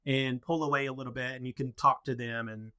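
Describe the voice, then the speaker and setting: Man, podcast guest, explains step by step, bright tense tone, medium pitch. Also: fairly even intonation, brisk, clean tone. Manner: explanatory, walks through plans step by step. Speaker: podcast guest, head of a mission organization. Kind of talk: casual podcast conversation.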